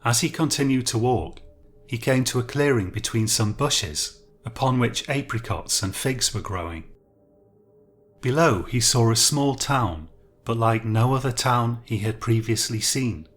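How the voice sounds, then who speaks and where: A man narrating a fiction story in a calm, measured reading. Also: medium pitch. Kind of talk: scripted narration.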